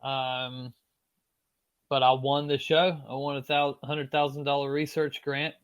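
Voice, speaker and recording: Podcast guest: Southern US man from Florida, mid-pitched, loose and animated storyteller with filler words. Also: measured pace, clean tone. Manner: animated, with frequent fillers and swearing. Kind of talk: casual storytelling.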